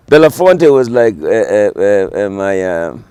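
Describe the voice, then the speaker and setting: Gravelly man in his seventies. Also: on the low side, no room sound. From South Africa. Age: 70s. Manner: animated, full of fillers and restarts. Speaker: guest musician. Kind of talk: casual storytelling.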